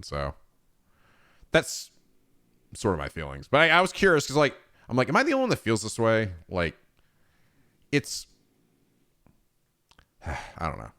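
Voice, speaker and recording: Man, lowish voice, casual stream chat, rambling, filler-heavy, swears a lot. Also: huge pitch swings, normal speed, pauses often, bright, forceful tone. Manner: rambling, profane, many fillers and restarts.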